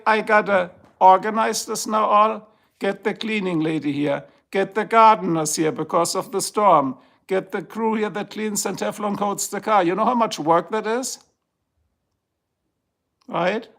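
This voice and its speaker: He's a German man ranting on a live stream at home by his garage, cursing and complaining in an overblown way. His high, gravelly voice is fairly bright and a little slow.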